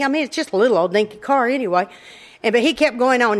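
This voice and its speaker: A woman's voice: on the high side, fast talker. A middle-aged woman telling a funny story from her own life to an audience. She talks in a folksy way and often laughs. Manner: lively, laughs often, drawling folksy delivery. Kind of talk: humorous personal storytelling to an audience.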